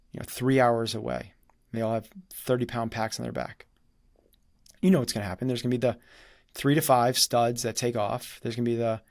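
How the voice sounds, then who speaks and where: A man's voice: mid-range voice, no echo, studio quality. A man telling a story in conversation, acting out quoted dialogue as he goes. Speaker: guest.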